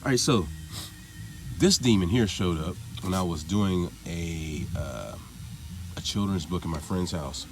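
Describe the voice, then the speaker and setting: A man's voice: deep voice, lively intonation, unhurried, faint music behind. A man talking in a casual monologue vlog, rambling and profane, laughing things off as he goes. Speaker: vlogger.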